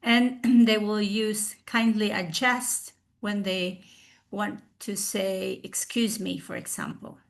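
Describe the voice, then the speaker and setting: A woman giving a recorded presentation over a video call. She speaks with many fillers and restarts, and she slowly sounds out example pronunciations. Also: medium pitch, fairly even intonation, creaky. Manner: hesitant, with frequent fillers and restarts.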